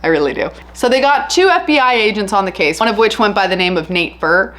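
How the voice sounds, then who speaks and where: A woman casually narrating a true crime case, chatty and candid with an animated retelling. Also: mid-range voice, quick pace.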